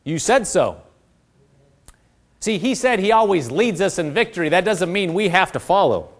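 A middle-aged pastor preaching a sermon in a fairly high voice. He quotes scripture and calls out to his congregation for answers. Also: animated, fairly quick. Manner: preaching with call-and-response, quoting scripture.

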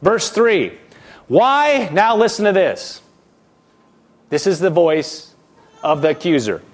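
High-voiced preacher working through scripture. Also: male voice, lively intonation, slow pace, long pauses. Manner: reads verses and acts out the people's complaints in a whiny voice. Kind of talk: expository sermon reading scripture.

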